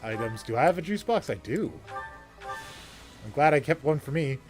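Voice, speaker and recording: A man in relaxed let's-play chat, playing a strategy game with friends. His middle-pitched voice swings up and down as he laughs, curses and talks through his moves, with clear game music behind him. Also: normal speed. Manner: laughs often, swears freely, mutters game moves aloud.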